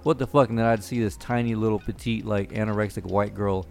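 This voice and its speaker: Guy, kinda low voice, swears a lot and tells stories, laughing, faint music under it. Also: flat delivery, quick pace, vocal fry. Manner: profane storytelling, laughs often. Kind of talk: casual chat.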